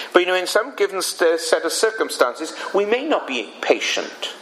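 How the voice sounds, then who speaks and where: A man preaching a sermon, speaking in a deliberate way with emphatic pauses between phrases. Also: fairly high pitch, very animated, a bit bright, a little hiss or hum, poor audio.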